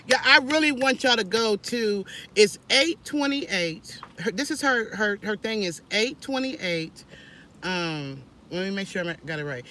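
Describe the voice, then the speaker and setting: A woman talks in a casual, preachy vlog, animated and sermon-like, often restarting her sentences. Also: medium pitch, a little hiss or hum. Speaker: vlogger.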